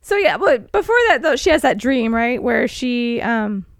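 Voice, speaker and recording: Woman, high voice, dry close sound, animated chatty movie recap. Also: normal speed, no room sound. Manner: animated, acts out lines from the film. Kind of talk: casual movie recap chat.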